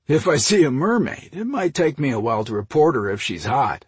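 A man voicing a wary, sarcastic fisherman with a dry, husky delivery. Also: mid-range voice, sing-song, a little fast, no room sound, voice pushed up. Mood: joking.

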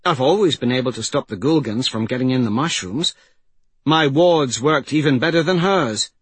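A man's voice: mid-range voice, animated, moderate pace, husky, dry recording, voice pushed up. A man voicing a frightened young woman who talks in an anxious, pleading rush. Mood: distressed.

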